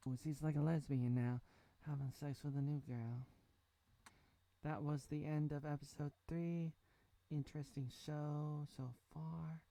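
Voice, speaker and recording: A man's voice: a little high, flat delivery, unhurried, mellow, no room sound. A man in his thirties casually recapping a sitcom episode, rambling with lots of fillers. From United States (Oregon). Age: 30s. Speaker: show reviewer.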